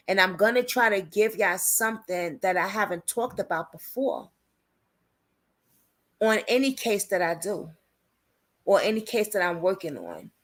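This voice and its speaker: Woman doing a live stream, chatty and slangy, reads out viewer comments and answers them, mid-pitched voice. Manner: informal slangy speech. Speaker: livestream host covering a criminal case.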